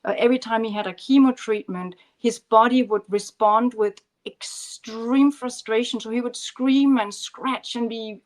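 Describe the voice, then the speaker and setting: A woman guest on a podcast, a leadership coach, telling a personal story in an earnest, gentle way with some restarts. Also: fairly high pitch, a little slow, few pauses. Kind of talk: storytelling in conversation.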